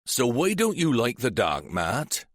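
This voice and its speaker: A man's voice: mid-range voice, huge pitch swings, a little slow, no echo, clean studio sound. A man voicing a shrewd, sly older police sergeant, teasing and relishing menace.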